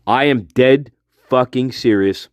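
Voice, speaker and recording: Speaking slowly in a mid-range voice, this livestream host goes on an angry, foul-mouthed rant into his phone, hammering the same points again and again. The audio is clean, studio-like, and free of echo.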